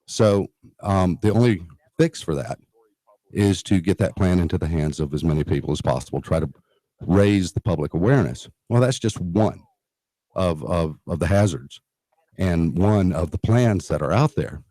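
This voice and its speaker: An earnest man talks as a radio guest, his voice low and mellow. He explains at length, often pausing on fillers and restarting his sentences. The studio sound is close and dry. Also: expressive, no echo. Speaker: radio guest from a neighborhood emergency preparedness group. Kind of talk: radio talk interview.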